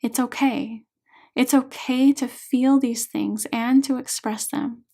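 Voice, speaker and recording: A woman reading an audiobook, voicing a calm female hypnotherapist who guides her client in a gentle, soothing way. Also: on the high side, slow, vocal fry, exaggerated voice.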